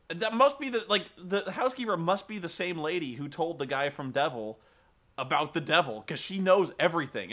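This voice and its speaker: A man vlogging a casual, profane rant about a film, rambling and animated with lots of swearing. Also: on the high side.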